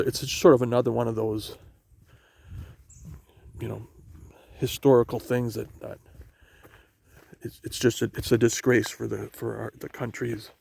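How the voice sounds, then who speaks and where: A man from Canada talking as he walks outdoors along a marsh trail, musing in a halting way with many restarts. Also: medium pitch, creaky, darkish tone. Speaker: vlogger. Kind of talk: rambling walk-and-talk vlog.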